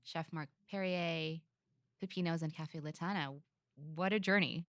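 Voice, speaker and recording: A woman with a notably low voice hosts an interview podcast, recorded dry and close with no room sound. She listens attentively and sums up her guest's career in a steady, conversational way. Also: measured pace, no room sound. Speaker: podcast host. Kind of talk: interview host.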